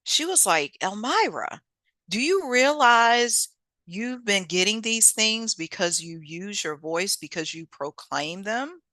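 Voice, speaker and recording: A woman delivers a motivational self-help talk in a bright, forceful voice. Her pitch swoops in an animated way, and her delivery is preachy and colloquial. The sound is dry and close. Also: takes it slowly, no room sound. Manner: lively and preachy, with colloquial speech and laughs. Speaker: host.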